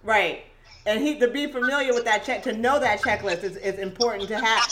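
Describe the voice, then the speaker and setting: A woman's voice: fairly high pitch, a little fast. Emphatic woman over a noisy recording. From Eugene, Oregon. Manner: emphatic, reflective, lots of affirmations. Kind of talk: casual chat.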